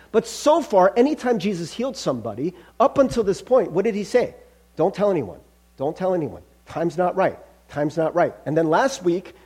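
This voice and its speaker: A man's voice: sits high, mellow, husky. A male pastor preaching a conversational sermon, calling listeners friends.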